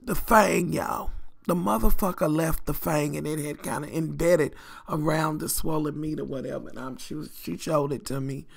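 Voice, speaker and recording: A middle-aged woman, telling her viewers a storytime vlog in an animated, profane, chatty way. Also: sits low, normal speed, vocal fry. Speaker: vlogger.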